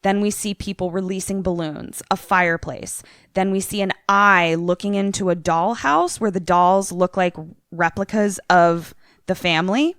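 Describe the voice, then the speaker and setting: A woman's voice: on the low side, moderate pace, a bit bright, smooth, dry recording, studio quality. A young woman co-hosting a podcast, casually retelling a movie trailer with many fillers. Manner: chatty, filler-heavy, lots of "like". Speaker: podcast co-host.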